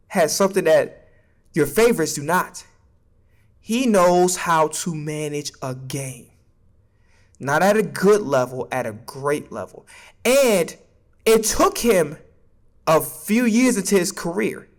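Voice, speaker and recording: A man's voice: high voice, expressive, unhurried. A man streaming a casual sports opinion rant, emphatic and profane, stammering when he gets worked up.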